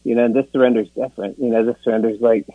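A man's voice: mid-range voice, flat delivery, rapid-fire, husky, dry recording. Rambling, self-mocking man on a tinny line. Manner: rambling, self-deprecating, laughs often, many "you know"s. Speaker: speaker sharing at a recovery meeting. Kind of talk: personal recovery testimony. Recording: tinny phone-like dry sound.

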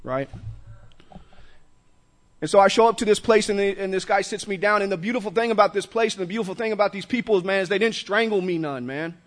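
A man with a high voice tells his recovery story to a meeting, slangy and animated. He laughs along as he talks and keeps it loose and personal. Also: fast talker. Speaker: recovery speaker. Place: meeting room with audience.

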